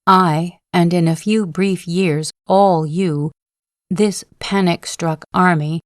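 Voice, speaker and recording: A woman reading a proud male general who declaims his defiance in long, solemn oaths, voiced slowly in a lowish register. The delivery is dry and close, with no room sound, as befits a sleep-story audiobook. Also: no room sound. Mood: impassioned. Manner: declamatory, impassioned oratory at a slow, even reading pace.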